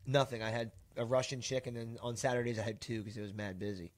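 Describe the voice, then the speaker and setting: A young man talking loosely on a podcast, swearing freely and circling around his point. His sentences stall on fillers and restart midway. His voice sits at an ordinary middle pitch. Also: flat delivery, fast talker. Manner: rambling, profane, full of 'like' and restarts. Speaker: podcast host. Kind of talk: casual chat.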